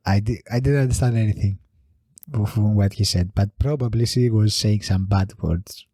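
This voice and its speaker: A man's voice: lowish voice, unhurried, dark tone, no room sound, studio quality. A man hosting a solo comedy podcast, rambling through a funny story and laughing as he tells it. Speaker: podcast host.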